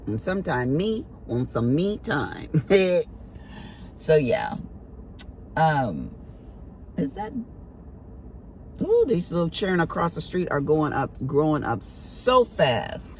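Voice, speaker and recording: A middle-aged woman telling family stories to her viewers in a casual vlog, acting out what she said to her grown kids with sharp exclaimed quotes. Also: low voice, sing-song, slow pace, a little hiss or hum. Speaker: vlogger. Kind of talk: casual chat to camera.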